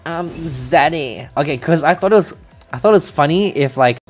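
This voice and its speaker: A man streaming live, loud and joking, laughing often and a little tipsy from drinking. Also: on the high side, moderate pace, faint music behind. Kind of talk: casual live-stream chat.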